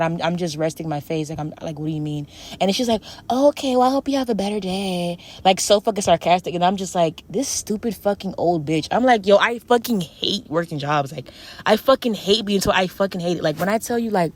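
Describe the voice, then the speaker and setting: A woman's voice: medium pitch, no room sound. A young woman venting to her camera in a casual, profane rant, full of "like" fillers. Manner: profane, ranting, frequent "like" fillers. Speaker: vlogger.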